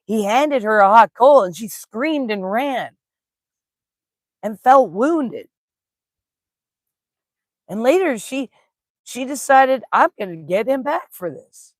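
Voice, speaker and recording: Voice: mid-range voice, no echo, studio quality. A spiritual teacher giving a casual live-streamed talk, telling stories with folksy slang and greeting viewers in the chat. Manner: laughs easily, folksy slang.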